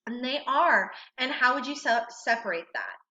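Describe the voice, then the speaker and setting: A woman's voice: high-pitched, expressive, moderate pace, sharp tone. A woman teaching a recorded phonics lesson, patiently asking questions and praising the learner. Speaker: reading teacher. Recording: roomy, slightly dull recording.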